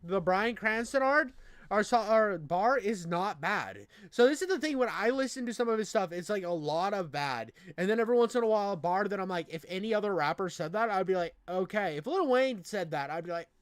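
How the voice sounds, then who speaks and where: Young man with a high-ish, dry voice. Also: animated, clean tone, no echo. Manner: loose, joking, swearing, quick to laugh. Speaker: reaction video host. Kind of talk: casual crude commentary.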